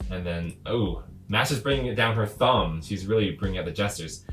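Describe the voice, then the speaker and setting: A man's voice: fairly low pitch, moderate pace, few pauses. A man casually commenting on his own comics, chatty with lots of fillers. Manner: chatty, lively, frequent laughs and fillers.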